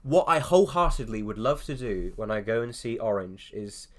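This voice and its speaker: A man's voice: medium pitch, lively intonation, normal speed, a bit bright. A man from England with a standard southern English accent, judging an art contest and chatting in a teasing, sarcastic way. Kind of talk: casual chat.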